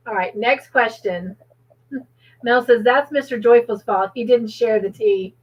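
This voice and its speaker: Woman, livestream trivia host, cheerful, reads viewer comments, slow pace, slightly muffled audio. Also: a little high, breathy edge.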